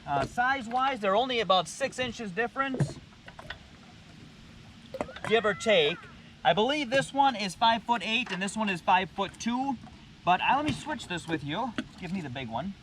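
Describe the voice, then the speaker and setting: Man with a high voice, easygoing product review, standing in water outdoors, noisy background. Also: expressive, normal speed. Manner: plainspoken, easygoing, with frequent uhs. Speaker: channel host reviewing gear. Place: outdoors in shallow water by a boat.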